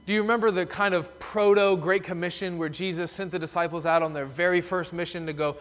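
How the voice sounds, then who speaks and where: Man preaching, emphatic storyteller, slightly high voice, long church reverb. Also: steady tone, fast, fairly bright tone. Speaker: pastor. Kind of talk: sermon. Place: church sanctuary.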